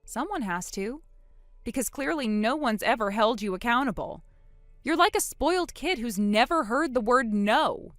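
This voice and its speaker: A woman narrating a text message story in a sharp, sarcastic tone. Her pitch moves in a lively way as she fires back. The voice sounds dry and close, with faint music underneath. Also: normal speed, no echo.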